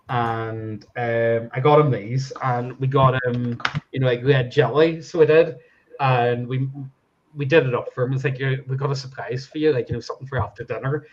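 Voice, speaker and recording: A man's voice: medium pitch, lo-fi sound, slight background noise. A man chatting casually, rambling, laughing often and swearing as he talks. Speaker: podcast guest. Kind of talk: casual chat.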